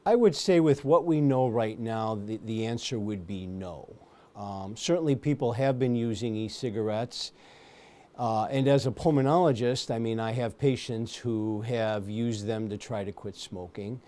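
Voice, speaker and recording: A man speaking as a pulmonologist in an interview, giving measured explanations with frequent ums and uhs. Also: on the low side, mellow. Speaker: pulmonologist guest. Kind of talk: medical interview answers.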